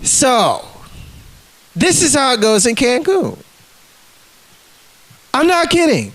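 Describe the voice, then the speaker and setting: A man's voice: very high voice, wildly swooping pitch, takes it slowly, fairly bright tone, low-quality recording. A man ranting casually to the camera, heated and profane, acting out the people in his stories. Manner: profane, heated, acts out quotes in scenes.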